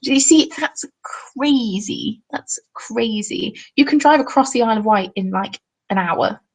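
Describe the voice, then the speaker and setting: A woman's voice: a little high, measured pace, low-quality recording. A young woman hosting a crafting live stream, chatting casually and reading viewers' comments with self-deprecating, apologetic asides. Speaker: crafting livestream host.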